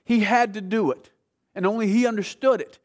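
Male preacher, high voice, fervent and conversational, drops to a hush then builds up loud. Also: fairly even intonation, brisk. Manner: passionate, swings between hushed and loud; conversational, asks the audience questions. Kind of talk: sermon.

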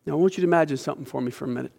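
A middle-aged male preacher delivers a sermon to his congregation in a somewhat high voice. His delivery is dramatic and impassioned, dropping to near hushes and then rising sharply in force. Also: very fast, gravelly. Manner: impassioned, dramatic delivery with sudden swings in loudness.

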